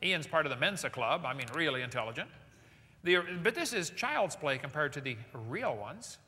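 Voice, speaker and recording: A man giving a lecture to a live audience in a large hall, animated and jokey, firing rhetorical questions at the crowd. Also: fairly high pitch, normal speed. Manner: jokey asides. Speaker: seminar speaker. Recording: long hall reverb.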